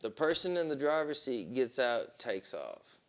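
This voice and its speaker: A man on a podcast telling a long story in casual, profane talk, with plenty of "boom" and "right?". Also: sing-song, unhurried. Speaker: podcast co-host.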